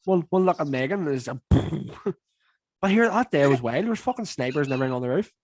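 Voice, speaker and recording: A man's voice: fairly high pitch, lively intonation, fairly quick, darkish tone, dry recording. A man with a Northern Irish accent hosting a podcast in casual, swearing banter, often mimicking people. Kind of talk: casual chat.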